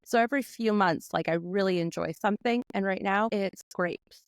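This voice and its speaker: A woman from Canada, a guest author in a casual podcast chat, joking in a deadpan way. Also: medium pitch, normal speed, no room sound.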